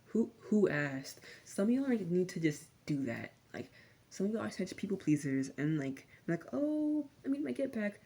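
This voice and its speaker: A young woman vlogger delivers a rambling, sardonic rant packed with slang, speaking low and softly for ASMR. She occasionally drifts into whispers, and her tone stays warm and relaxed.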